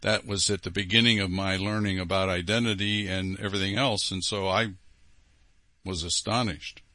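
A man's voice: low voice, fairly even intonation, normal speed, bright, forceful tone, no room sound. A man hosting a program, reading listener letters aloud and commenting on them with emphatic repetition. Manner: emphatic, repeats key phrases.

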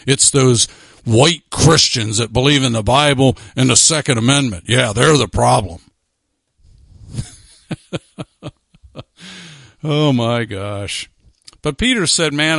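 A man's voice: mid-range voice, dry recording. A man preaching a sermon, reading scripture and breaking into sarcastic, emphatic asides.

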